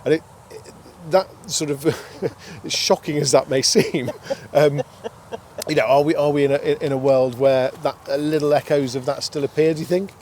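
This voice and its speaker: A man's voice: on the high side, fairly even intonation, normal speed, darkish tone. A man hosting an outdoor interview, asking long, musing questions with chatty asides. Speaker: podcast host. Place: outdoors by a towpath with passing traffic. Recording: outdoor recording with faint street noise.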